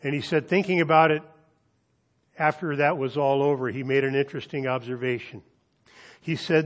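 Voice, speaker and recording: A pastor delivering a sermon. He reads scripture slowly and deliberately, then tells a story with animated emphasis. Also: medium pitch. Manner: measured, deliberate reading with dramatic pauses; animated storytelling, lifting his voice for quoted students.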